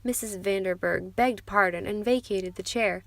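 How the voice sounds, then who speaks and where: A woman reading an audiobook in a measured, even storytelling manner. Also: mid-range voice, vocal fry, dry recording. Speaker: audiobook narrator. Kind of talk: scripted audiobook narration.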